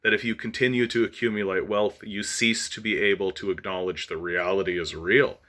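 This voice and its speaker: A man's voice: on the low side, steady tone, brisk, fairly bright tone. A man from Canada hosting his own channel, delivering an impassioned political monologue full of fillers and restarts. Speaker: channel host.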